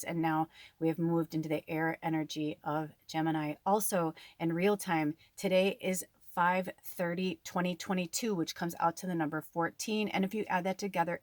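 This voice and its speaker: A woman's voice: fairly low pitch, no echo. A woman tarot reader talking casually to her viewers, rambling and chatty with lots of fillers. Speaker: tarot reader and spiritual medium. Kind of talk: casual spiritual talk to viewers.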